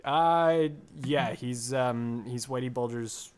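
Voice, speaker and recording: A man's voice: mid-range voice, takes it slowly, a crowd in the background. Rambling man telling a movie story. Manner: rambling, animated storytelling with fillers. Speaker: podcast co-host. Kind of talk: casual chat.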